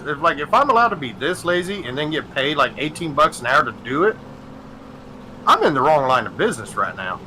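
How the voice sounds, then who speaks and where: A man's voice: on the high side, brisk, slight background noise, low-quality recording. A man hosting a gaming stream, telling stories in a profane, ranting casual chat. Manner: ranting, profane, animated storytelling.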